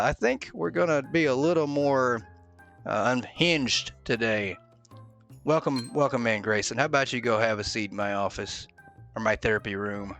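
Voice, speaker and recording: A man casually commentating as he plays a game, joking bluntly and filling pauses with "uh". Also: on the low side, a bit bright. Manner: joking, mock-blunt, with many "uh"s. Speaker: gaming video host. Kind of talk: casual let's-play commentary.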